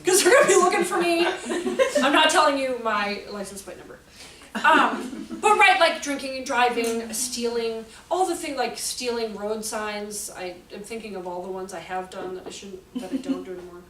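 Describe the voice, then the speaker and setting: A woman's voice: on the high side, normal speed, a bit bright. A woman giving a workshop talk, telling stories in a chatty way, laughing often and acting out voices. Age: adult. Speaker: workshop presenter. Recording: roomy echo, from a distance, faint room noise.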